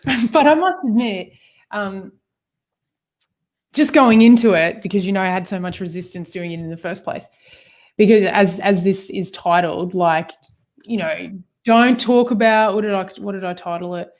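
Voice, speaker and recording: A woman's voice: medium pitch, moderate pace. Chatty woman laughing through a story. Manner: animated storytelling, laughs often, frequent fillers. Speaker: co-host. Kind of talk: personal conversation about healing.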